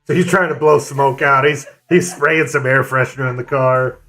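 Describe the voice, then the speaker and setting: A man streams and leads an online game raid, talking in a relaxed, rambling way with plenty of fillers. His voice is mid-pitched. Faint music plays behind him. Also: moderate pace. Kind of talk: casual storytelling and game raid calls.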